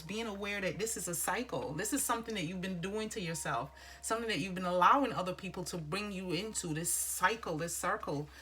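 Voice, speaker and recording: A woman's voice: medium pitch, fairly bright tone, slight background noise. A woman giving a casual tarot reading, encouraging and rambling, calling the listener honey. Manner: rambling with restarts and filler phrases. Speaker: tarot reader.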